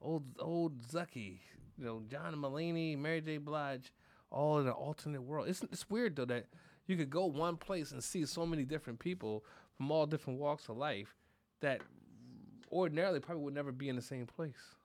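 A man co-hosting a podcast, telling stories in a loud, animated, profane way and laughing often. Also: fairly high pitch, normal speed. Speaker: podcast co-host. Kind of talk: casual chat.

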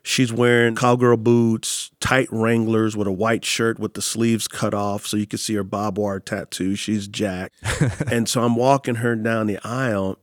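Pastor guest, lowish voice, lively storyteller, dry booth sound. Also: male voice, a little slow, no room sound. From San Antonio, Texas. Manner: animated storyteller, acts out quotes. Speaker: pastor and author. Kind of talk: storytelling in an interview.

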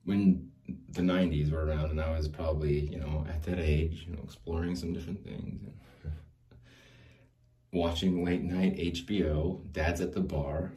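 Male podcast host, 40s, deep warm voice, rambling comic monologue. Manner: jokey, rambling, laughs often.

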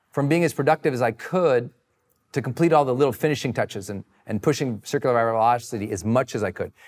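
A man giving a motivational talk and answering audience questions, energetic and emphatic, swinging his pitch wide for emphasis. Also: big-room sound. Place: live session with friends present.

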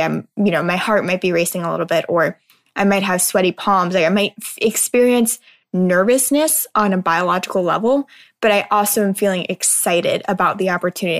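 A woman speaking as a mindset speaker in a casual motivational talk, earnest and conversational, often checking in with her listeners with a quick "right?". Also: mid-range voice.

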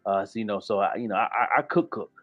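A man's voice: lowish voice, fast. A man from Buffalo, New York, with a Buffalo accent, chatting casually as a podcast guest, with lots of restarts and easygoing slang. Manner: repetitive restarts, laid-back slang. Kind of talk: casual interview chat. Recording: dull lo-fi sound with faint music.

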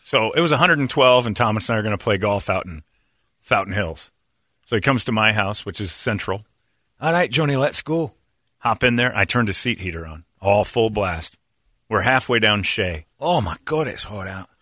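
A man hosting a morning radio show, telling a story in a casual, animated way with frequent laughter. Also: on the low side, normal speed, no room sound, clean studio sound.

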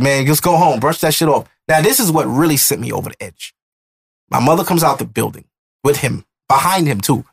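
A man in his thirties hosting a podcast, telling a personal story in an emotional, animated way. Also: a little high, vocal fry, slightly rough. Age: 30s. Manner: emotional, animated retelling with acted-out quotes. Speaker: podcast host. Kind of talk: casual storytelling chat.

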